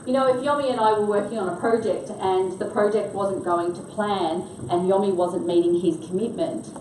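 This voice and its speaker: A woman's voice: mid-range voice, steady tone, normal speed, a little mellow, a little hiss or hum. An older woman leading a workshop for a group, asking them questions and keeping them involved. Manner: engaging, quizzes the audience. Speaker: workshop trainer. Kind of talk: interactive workshop talk. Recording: echoey room, voice from far off.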